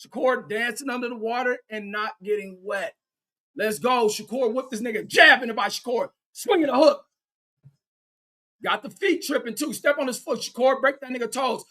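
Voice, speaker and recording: Calling a boxing bout live for fans, this high-pitched man is excitable and foul-mouthed, yelling support for the fighter he favors. He speaks at a moderate pace and reads chat messages aloud.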